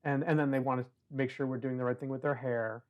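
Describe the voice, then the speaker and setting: A man of medium pitch chats as a guest on a conversation podcast and tells long personal stories. His talk is loose and full of "you know" and restarts. He acts out the voices of the people in his stories and throws in dry, self-mocking jokes. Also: steady tone, quick pace. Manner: chatty, many "you know" fillers, acts out quoted voices; wry, self-deprecating humor. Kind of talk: casual conversational storytelling.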